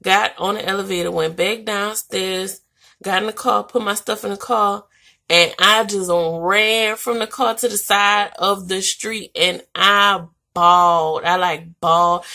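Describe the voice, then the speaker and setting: Chatty young woman with a gravelly edge. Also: mid-range voice. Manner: animated, chatty, with "like" and "y'all" fillers. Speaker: vlogger. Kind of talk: casual storytelling to camera.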